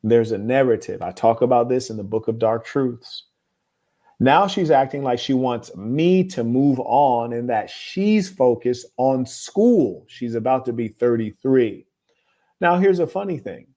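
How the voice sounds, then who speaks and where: A man in the host's chair reads viewer letters aloud and comments on them in a steady, lecturing tone. His voice sits at an ordinary middle pitch. His opinions come out blunt and moralizing, yet his delivery stays calm. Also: measured pace. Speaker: host. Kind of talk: relationship advice commentary, reading viewer letters.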